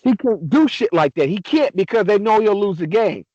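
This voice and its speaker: Young guy with a really high lively voice, swearing and ranting on a podcast, dull lo-fi sound. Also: moderate pace, no room sound. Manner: excitable, profane, ranting. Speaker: podcast co-host. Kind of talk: casual sports podcast chat.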